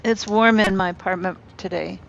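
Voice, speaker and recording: A woman's voice: mid-range voice, steady tone, normal speed, creaky, lo-fi sound, slight background noise. Chatty woman streamer thinking aloud. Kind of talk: casual gameplay chat with viewers. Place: home apartment.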